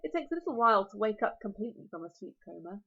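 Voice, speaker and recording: Storybook dragon: a huge, smug male beast, cheerfully menacing, read by a British woman, lively and high, lo-fi. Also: fast talker, breathy edge. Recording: lo-fi recording.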